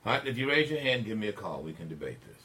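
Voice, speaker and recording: A man's voice: on the low side, sing-song, rapid-fire, husky. An older man hosting a call-in radio talk show, speaking in an opinionated monologue with emphatic, preacher-like swells. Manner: emphatic preacher-like delivery, swelling to near shouting on key points.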